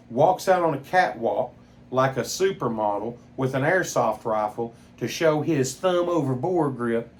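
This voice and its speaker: A middle-aged man hosting a gun channel, giving a blunt, exasperated opinionated monologue with mild swearing. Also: mid-range voice.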